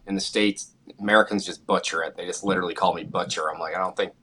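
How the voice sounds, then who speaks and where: A man from Canada in his thirties chats on a podcast about his own path. His voice sits low but rings bright and forceful. He talks in an easygoing way, with loose fillers as he goes. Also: fast talker, a little hiss or hum. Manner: relaxed, easygoing storytelling with fillers. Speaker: guest golfer. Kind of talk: casual podcast chat.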